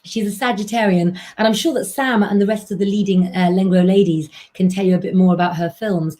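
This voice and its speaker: Brief: woman, live-stream astrologer doing tarot readings, warm chatty delivery, talks straight to viewers. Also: medium pitch, fairly even intonation, brisk. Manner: chatty, keeps addressing viewers as "guys".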